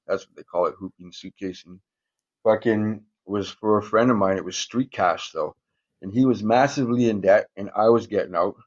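A man's voice: fairly low pitch, a little mellow, lo-fi sound. A man casually telling profane, rambling stories in a podcast interview, chuckling often. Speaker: guest, former prisoner.

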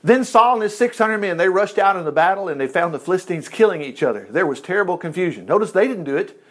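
Male Bible teacher, high voice, animated reading with digressive commentary. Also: fast.

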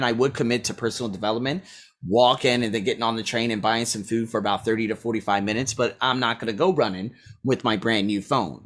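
Bright-voiced man, rambling self-review. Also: mid-range voice. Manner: rambling, blunt, swears freely, scores himself aloud. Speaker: teacher. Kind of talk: casual weekly self-review monologue.

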